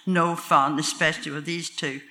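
A woman's voice: low-pitched, steady tone, normal speed, sharp tone. An older woman with a Northern Irish accent voicing her cheerful, teasing grown-up daughter in a told story.

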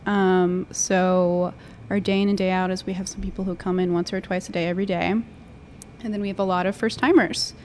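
A woman who works at the cafe, describing her workday in a friendly, measured way with many fillers. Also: lowish voice, little pitch movement, darkish tone, slight background noise. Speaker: cafe worker. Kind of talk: casual chat.

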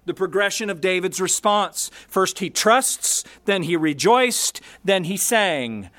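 A pastor delivers a sermon in a high, expressive, fairly bright voice. He speaks slowly and emphatically, breaking his points into short phrases and repeating key words with deliberate pauses.

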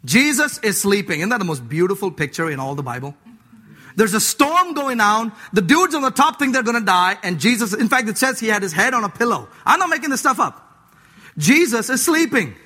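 A man preaching a sermon as a pastor, emphatic, jumping from loud urging to low asides, in a church. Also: big pitch swings, brisk, slightly rough. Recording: long hall reverb.

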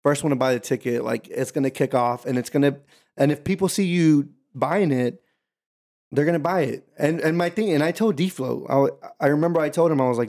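Animated American man telling travel stories. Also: a little high, brisk. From United States. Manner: animated storytelling, addresses listeners directly. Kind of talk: casual chat.

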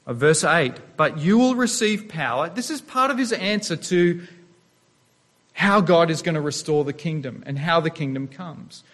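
A man preaching from the pulpit in a fairly high voice. He speaks earnestly, posing rhetorical questions to the congregation and sometimes restarting a phrase. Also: animated, normal speed, a bit bright. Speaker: pastor. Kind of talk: sermon.

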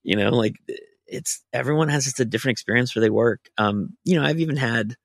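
A man who is a writer tells a long, casual anecdote as a podcast guest, full of fillers and restarts. His medium-pitched voice is fairly quick and creaky, captured in clean studio sound with no room echo.

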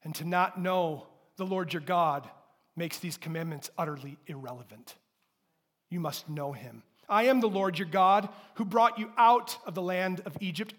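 High-voiced pastor preaching. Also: male voice. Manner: emphatic preaching, rising to loud declarations and dropping to soft asides; calls the congregation to repeat after him. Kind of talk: sermon. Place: church sanctuary before a congregation.

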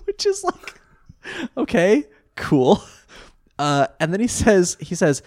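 A man in casual podcast chat who rambles, swears freely, and laughs often as he recaps a cartoon. His pitch swings widely and stays animated throughout. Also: slow, long pauses. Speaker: podcast co-host.

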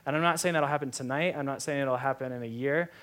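A man's voice: mid-range voice, quick pace, a bit bright. A young adult man preaching a sermon, telling a personal story in a conversational way with many fillers like "like". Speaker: pastor.

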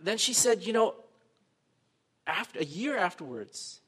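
A pastor delivers a sermon in a high, ringing male voice. He tells the story with lively swings from loud exclamation to near-hushed narration, slipping into the voices of the people he quotes. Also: measured pace, slightly rough.

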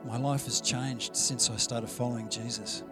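A man's voice: medium pitch, fairly even intonation, moderate pace, loud music behind the voice. A man preaching a sermon in a conversational, storytelling way, acting out the dialogue he quotes. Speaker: pastor.

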